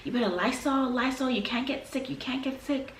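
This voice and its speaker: A woman imitating her stubborn, excitable mother, who repeats herself with emphasis. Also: high voice, fairly quick, slight background noise, pitched above the performer's own voice. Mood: fussing. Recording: roomy, from a distance.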